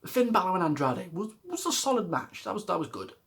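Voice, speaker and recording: A man's voice: sits high, sing-song, fairly quick, vocal fry. A man rambling through a casual wrestling reaction vlog, exasperated, swearing and laughing often. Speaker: wrestling vlogger.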